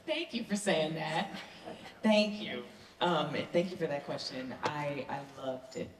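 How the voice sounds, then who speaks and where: A woman's voice: deep voice, lively intonation, a little slow. A woman from the American South, an actor answering fan questions on a convention panel in an enthusiastic, earnest way. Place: large convention hall. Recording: echoey convention hall, faint noise.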